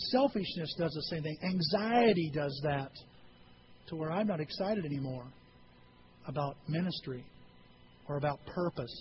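Man preaching to his church, talks to the crowd with questions, slightly high voice, hiss in the background. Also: dull audio. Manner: earnest, conversational preaching with rhetorical questions. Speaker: pastor. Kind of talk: sermon.

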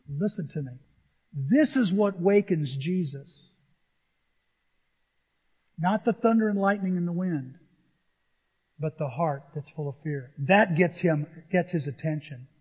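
A man preaching a sermon as pastor, telling stories in an animated way and acting out voices. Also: on the high side, husky, long reverb tail, dull audio. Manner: animated storytelling with acted-out voices.

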